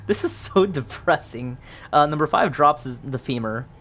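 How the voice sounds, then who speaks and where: A man's voice: on the high side, expressive, measured pace, fairly bright tone, soft background music. A man casually narrating a solo tabletop game, thinking aloud through dice rolls with plenty of ums.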